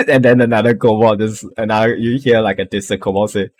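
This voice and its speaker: A man narrating as game master of a tabletop game, halting and laughing often. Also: lowish voice, steady tone, no room sound.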